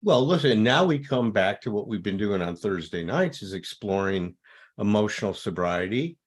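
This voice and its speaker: A husky-voiced man hosting a discussion, explaining ideas in an emphatic, teacherly way. His pitch moves up and down a lot as he stresses his points. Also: animated, normal speed. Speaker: host. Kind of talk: discussion of recovery topics.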